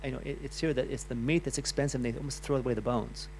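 A man's voice: medium pitch, fairly even intonation, fast, a little mellow, a little hiss or hum. A middle-aged man giving a loose, chatty health talk to a live audience, full of restarts and asides. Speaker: health speaker.

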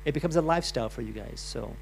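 Chatty man with a gravelly voice. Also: medium pitch, lively intonation, racing, slight background noise. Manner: loose, chatty, with restarts and asides. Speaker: health speaker. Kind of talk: live talk to an audience.

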